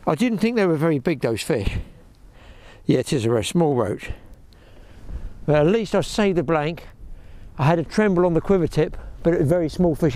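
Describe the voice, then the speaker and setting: A man's voice: fairly high pitch, a little mellow. A middle-aged man chatting to viewers while fishing at a windy lakeside, wearing a clip-on mic. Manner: chatty, talks to viewers as "people" and "boys". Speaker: fishing vlogger. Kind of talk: casual commentary to camera. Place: outdoors at a lake bank, windy. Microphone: clip-on mic with lead.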